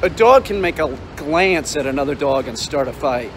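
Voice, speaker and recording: A man speaks in a slightly high voice, ranting bluntly about careless dog owners as he walks dogs outside. City traffic hums clearly behind him on the street. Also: animated, moderate pace, fairly bright tone. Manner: blunt, ranting, swears freely. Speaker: dog trainer. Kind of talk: casual vlog rant while walking dogs.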